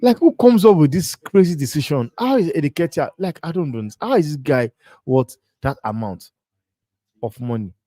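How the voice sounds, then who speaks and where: A man hosts a live football stream and rants with incredulity, circling back over the same point. His voice sits a little high for a man. The sound is close and dry. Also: lively intonation, moderate pace, warm tone, no room sound. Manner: incredulous, ranting, repeats himself. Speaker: host. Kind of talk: live football watch-along chat.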